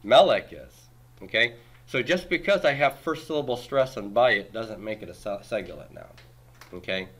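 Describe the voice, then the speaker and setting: A man lectures a classroom of students, and his voice sits fairly low with a bright, forceful edge. He explains step by step and keeps throwing questions to the class. His comparisons are plain, everyday ones. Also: lively intonation, normal speed. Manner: explains patiently, quizzes the class, uses homely comparisons. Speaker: Hebrew grammar teacher.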